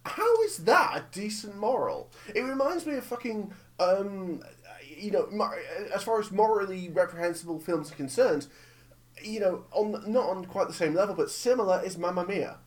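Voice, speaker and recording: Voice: medium pitch, normal speed. A host ranting and joking about films in a casual chat. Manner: animated, ranting, jokey. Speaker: podcast host.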